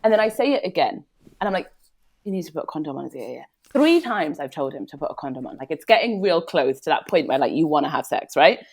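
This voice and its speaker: Frank, animated woman telling a story. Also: low voice, fast, slightly rough. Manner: frank, emphatic storytelling with swearing. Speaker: podcast guest. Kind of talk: candid podcast conversation.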